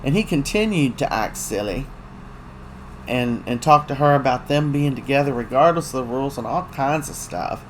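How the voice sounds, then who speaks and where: A talkative host recaps a soap opera's week in loose, gossipy chat, full of ums and uhs and quick acted-out lines from the characters. The voice sits at a middling pitch. A faint hum runs underneath. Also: expressive, rough recording. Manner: chatty, gossipy storytelling with many fillers.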